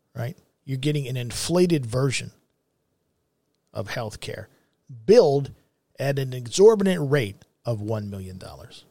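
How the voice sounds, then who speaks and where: A man's voice: mid-range voice, gravelly, no echo. A middle-aged man hosting a commentary show, ranting in a blunt, profane and heated way. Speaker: show host.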